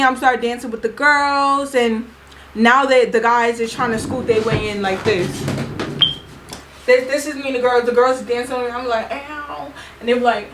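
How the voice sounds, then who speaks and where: In a casual storytime vlog, a young woman retells what happened at a party, chatting in slang and voicing the quotes of the people there with lots of animation. Her voice is a little high, and the background is noisy.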